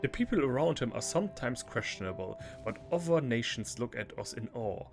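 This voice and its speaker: A man's voice: medium pitch, lively intonation, brisk, gravelly, music in the background. A man playing a fervent proud woman. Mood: zealous. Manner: zealous, rising to fervor.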